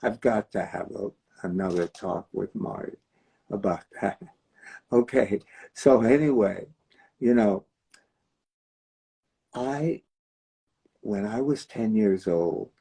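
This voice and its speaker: An older man hosting a show, talking to viewers in a slow, rambling, fond way. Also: fairly low pitch, vocal fry, warm tone, breathy edge, poor audio. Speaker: host. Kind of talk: casual chat to viewers.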